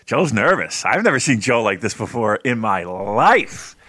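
A man's voice: medium pitch, very animated, a little slow, pushed and bright, no echo, clean studio sound. A man co-hosting a podcast in casual chat, laughing easily and asking questions. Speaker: podcast co-host.

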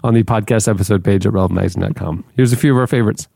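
A man's voice: lowish voice, rapid-fire, gravelly, dark tone, husky, no room sound. A man hosting a podcast, introducing segments in an upbeat announcer tone. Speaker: podcast host.

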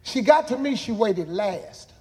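A man's voice: high voice, expressive, unhurried, mellow, breathy edge, long reverb tail. A man in his sixties hosting a show, telling a childhood story in a folksy, drawling way that builds to punchlines. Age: 60s. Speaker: host. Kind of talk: motivational storytelling.

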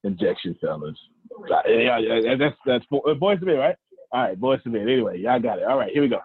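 A man in his forties with a Southern American accent hosts a motivational group call, animated and preachy, repeating phrases straight to the listeners. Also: mid-range voice, fast talker. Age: 40s. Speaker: host of a coaching call. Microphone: video call. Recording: tinny phone-like call audio.

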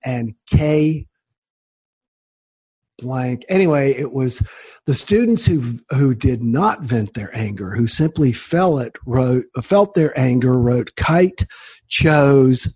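Guest, male, husky voice sitting a bit high, emphatic storyteller, dry close sound. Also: lively intonation, takes it slowly, a little mellow, no room sound. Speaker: guest author. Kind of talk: conversational interview.

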